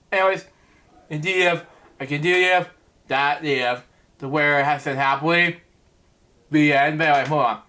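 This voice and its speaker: Man hosting a bedtime story reading. Rambles, keeps saying "anyway". High, bright voice. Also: fairly even intonation, normal speed, pauses often. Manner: rambling asides, repeated "anyway". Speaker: host reading a children's book. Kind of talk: casual storybook reading with commentary.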